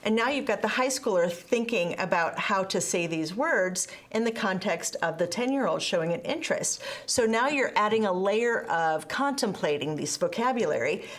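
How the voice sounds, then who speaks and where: A woman's voice: medium pitch, lively intonation, normal speed, hardly any pauses. A woman hosting a podcast interview, chatty and playing out little family scenes. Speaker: podcast host.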